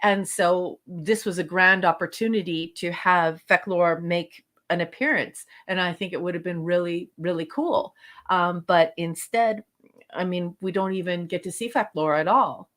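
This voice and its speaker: A woman co-hosting a podcast, chatting casually through a review, halting with frequent fillers and restarts. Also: lowish voice, fairly bright tone. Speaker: podcast co-host. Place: lives in Canada.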